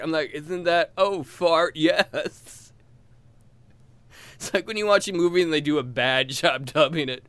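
A young man from West Virginia with a West Virginia accent, doing a crude stand-up comedy set and jumping into shrill put-on voices. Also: very animated, moderate pace, bright, forceful tone, dry recording.

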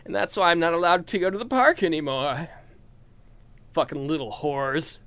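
High-voiced lively comedian from West Virginia. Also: male voice, moderate pace, smooth. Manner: crude, jumps into shrill put-on voices. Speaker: stand-up comedian. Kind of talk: stand-up comedy set.

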